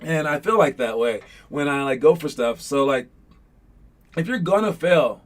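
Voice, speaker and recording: A young man talks to his young basketball players in a loose, casual way. His voice sits a little on the high side. He rambles through fillers and gets animated when he retells a scene. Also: normal speed. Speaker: youth basketball coach. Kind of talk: casual motivational talk.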